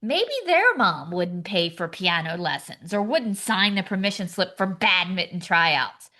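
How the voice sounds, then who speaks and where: A woman's voice: on the low side, lively intonation, a little slow, bright, forceful tone. A woman co-hosting a comedy podcast, sarcastic and acting out screaming parents in her jokes. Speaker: podcast co-host.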